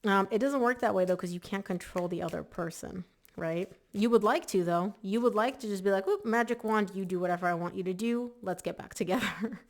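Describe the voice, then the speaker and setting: A woman's voice: mid-range voice, brisk. A woman giving a casual, chatty tarot reading to camera, emphatic and full of "like" fillers. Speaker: tarot reader.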